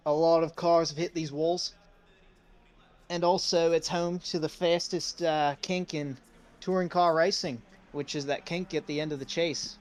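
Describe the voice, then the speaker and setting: A man's voice: fairly high pitch, smooth. A man giving casual, joking commentary on a sim racing stream. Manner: playful, hamming up jokes. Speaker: race commentator.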